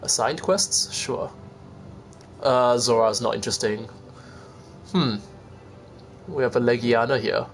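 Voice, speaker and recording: A man's voice: medium pitch, takes it slowly, long pauses. A man streaming a video game, rambling casually and chatting to viewers with self-deprecating asides. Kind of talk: casual gameplay commentary.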